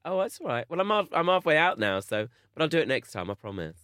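A man's voice: fast talker, smooth, no echo, studio quality. A man co-hosting a podcast in casual chat, telling stories with big swings in his voice. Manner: animated storytelling with big pitch swings. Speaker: podcast co-host.

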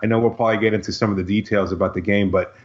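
Man, lower register, casual basketball podcast co-host; muffled lo-fi sound, conversational with dry asides. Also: steady tone, very fast. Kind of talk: casual sports talk. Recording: dull lo-fi audio.

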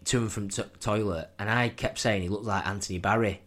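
Laid-back lad, low voice. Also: male voice, steady tone, fairly quick, fairly bright tone. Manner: laughing anecdotes, says "were" for "was". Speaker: podcast co-host. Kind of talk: casual chat.

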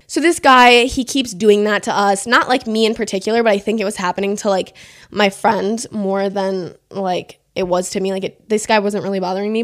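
Chatty young woman, lots of "like". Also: mid-range voice. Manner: chatty, heavy on "like", swears freely; emphatic, indignant retelling. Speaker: storyteller vlogger. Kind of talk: casual storytime monologue. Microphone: camera mic.

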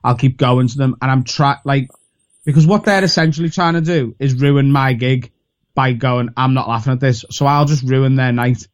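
A man's voice: mid-range voice, steady tone, moderate pace. A young man with a Liverpool accent, a comedian chatting candidly as a podcast guest, rambling and self-deprecating. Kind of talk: casual podcast chat.

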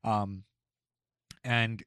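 A young man, a retail store worker, casually telling an animated work story, acting out quotes and swearing freely. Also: fairly low pitch, very slow, clean tone, dry recording, clean studio sound.

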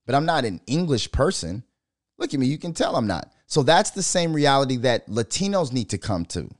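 A man hosting a podcast in heated commentary, his voice swinging widely in pitch as he rants. He swears freely and hammers his points with rhetorical questions. The sound is dry and close. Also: sing-song, a little fast, no room sound. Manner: profane, fiery, fires off rhetorical questions. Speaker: podcast host.

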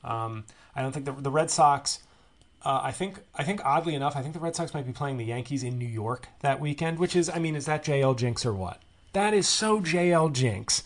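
Solo podcast host, a comedian man in his forties; rambling, dry, self-deprecating delivery at a mid pitch. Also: moderate pace. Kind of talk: casual solo podcast monologue.

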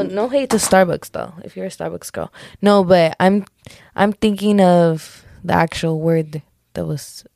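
A woman's voice: on the low side, creaky, dark tone, no room sound, studio quality. Giggly young woman rambling on her podcast. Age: young adult. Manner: rambling, giggly, self-correcting, lots of "like" and "just kidding". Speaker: podcast host. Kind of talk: casual solo podcast chat.

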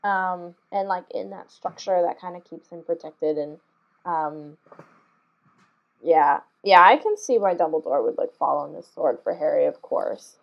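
A woman's voice: low voice, a little slow, gravelly. Rambling woman with a muffled mic. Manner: rambling, many fillers, thinking aloud. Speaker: podcast co-host. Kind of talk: casual book discussion.

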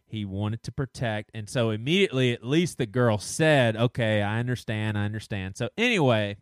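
A man's voice: fairly low pitch, normal speed, smooth, no echo. Guy on a podcast telling a story, laughs a lot, dry close mic. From American South. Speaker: podcast co-host. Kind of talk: casual chat.

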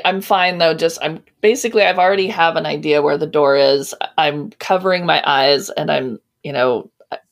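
Female player, low and gravelly, hesitant delivery. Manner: halting, full of restarts. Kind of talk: playing a tabletop game.

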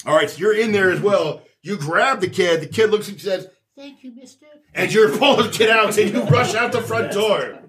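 A man running a tabletop game as game master, narrating gory action loudly with plenty of swearing. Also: high-pitched, normal speed, few pauses. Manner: loud, profane, dramatic, often shouting. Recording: echoey room, mic far off, faint noise.

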